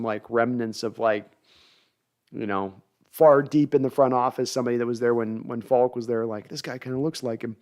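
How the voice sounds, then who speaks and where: A man hosting a live sports talk show, reading viewer comments and analyzing players in a conversational, thinking-aloud way. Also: mid-range voice. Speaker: podcast host.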